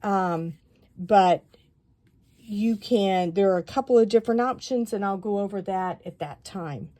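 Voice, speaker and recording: Mellow-voiced woman demonstrating a craft. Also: mid-range voice, a little slow. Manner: chatty, rambling with asides and fillers. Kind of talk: step-by-step crafting tutorial.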